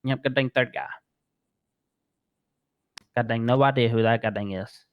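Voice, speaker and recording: A man's voice: medium pitch, steady tone, a little slow, clear, resonant tone, no echo, narrow, tinny audio, natural voice. A man voicing a rattled male crime witness in a role-play game, who stuffs the same curse word into nearly every phrase while giving a statement.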